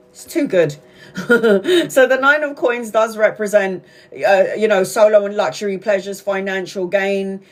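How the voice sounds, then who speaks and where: A woman doing a casual live-stream tarot reading, chatty and excitable, swearing freely and calling her viewers sweetheart. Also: medium pitch. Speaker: tarot reader.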